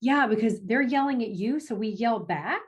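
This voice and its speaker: A woman, a parent advocate, speaking as a guest in a conversational interview, animated, with frequent restarts and laughs. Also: moderate pace, slight background noise. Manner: animated, acts out family quotes with big pitch jumps.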